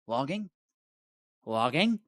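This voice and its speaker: Woman voicing a melodramatic, put-upon game hero, high voice, dry close sound, comic diary rant. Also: sing-song, moderate pace, fairly bright tone, no room sound. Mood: weary. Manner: sarcastic, melodramatic complaining. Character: long-suffering male game hero stuck in a cave. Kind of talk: comedic diary monologue.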